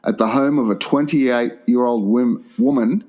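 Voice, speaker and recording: A man's voice: mid-range voice, a little slow, darkish tone, low-quality recording. Man deadpanning a strange tale. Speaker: podcast co-host. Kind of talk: crude comedy podcast chat.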